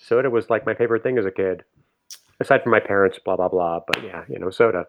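A man's voice: fairly low pitch, fast, gravelly. A man hosting a casual chat, joking and bantering playfully. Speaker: host. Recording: muffled with loud hiss.

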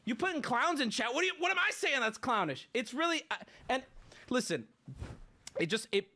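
A man's voice: very high-pitched, very animated, fairly quick. Late 20s guy streamer going off on a rant, swears a lot, voice swings up and down all over. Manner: indignant, swearing, ranting loudly. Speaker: livestream host. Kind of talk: casual livestream rant.

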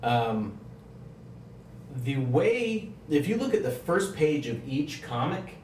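Guy hosting a comics podcast, calm and orderly, kinda far from the mic in an echoey room. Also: medium pitch. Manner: steers the discussion, measured and orderly. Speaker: podcast host. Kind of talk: casual comics podcast chat. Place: room in a house. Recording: roomy, distant mic, faint hiss.

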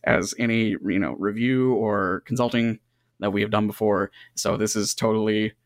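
A man's voice: fairly low pitch, steady tone, normal speed, no room sound, studio quality. A man co-hosting a podcast in casual chat, frank and joking with some swearing. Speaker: podcast co-host.

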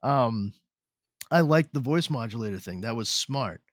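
A man's voice: mid-range voice, a little slow, dry recording, clean studio sound. A man hosting a podcast in casual chat, rambling and swearing freely. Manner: rambling, profane, animated. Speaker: podcast host.

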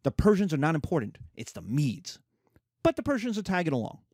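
Brief: male history lecturer, animated, a bit high, acts out characters. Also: a little fast, husky, no echo, studio quality. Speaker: history teacher.

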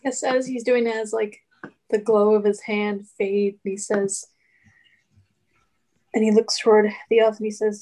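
A woman's voice: medium pitch, level tone, unhurried, pauses often, dark tone, poor audio. A woman playing a tabletop game, chatting casually and laughing. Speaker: player. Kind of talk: casual chat.

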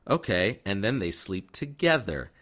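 A man's voice: on the low side, moderate pace, a bit bright. A man casually recapping a movie plot, rambling with fillers and restarts and acting out the characters' lines.

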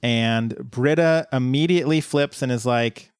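A man recaps a show episode on a podcast in an easy, conversational way. His voice sits in a middling range and sounds close and dry, with no room echo. He tells the story at a steady, laid-back pace. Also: medium pitch, normal speed, hardly any pauses, clean tone. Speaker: podcast co-host. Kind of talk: casual episode recap chat.

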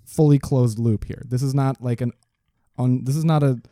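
A man's voice: mid-range voice, fairly even intonation, moderate pace, dark tone, no echo, clean studio sound. A man co-hosting a casual podcast, ranting with plenty of swearing and laughter. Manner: profane, ranting, laughs often. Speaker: podcast co-host.

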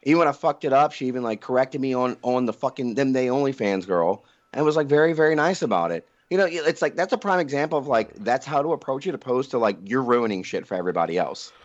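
A man's voice: mid-range voice, lively intonation, fast talker, few pauses. Profane joking man, dull lo-fi sound. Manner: profane, joking, rambling storyteller. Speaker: podcast co-host. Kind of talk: crude casual banter.

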